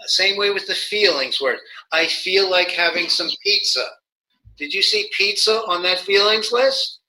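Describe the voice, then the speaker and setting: On a low-quality recording, a man with a high, sharp-toned voice is interviewed as a nonviolent communication educator. His talk is halting and full of restarts, and he acts out the examples he quotes.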